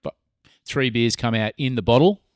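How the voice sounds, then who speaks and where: In clean, echo-free studio audio, a middle-aged podcast co-host with an Australian accent and a medium-pitched voice spins stories during relaxed chat. He curses freely and leans on long, drawn-out pauses.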